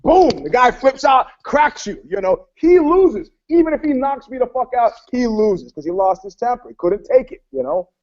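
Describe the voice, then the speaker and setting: A man with a fairly high voice rambles through profane stories in a casual podcast chat, acting out quotes as he goes. He talks over a video call, and the sound is dull and dry. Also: big pitch swings, moderate pace, few pauses, a little mellow, dry recording. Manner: profane, rambling storyteller who acts out quotes. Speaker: panelist.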